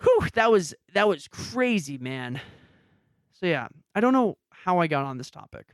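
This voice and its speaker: A man's voice: sits high, big pitch swings, unhurried, clean tone, dry recording, clean studio sound. A young man hosting a podcast, telling a story in a casual way and acting out his own reactions. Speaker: podcast host and YouTuber. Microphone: headset.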